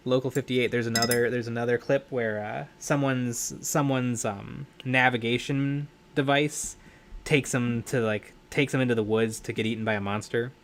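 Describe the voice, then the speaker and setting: A man's voice: mid-range voice, fairly even intonation, moderate pace, slight background noise. A young man hosting a live stream, chatting casually while painting miniatures, rambling and correcting himself as he talks. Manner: rambling, self-correcting, laughs often. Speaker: livestream host.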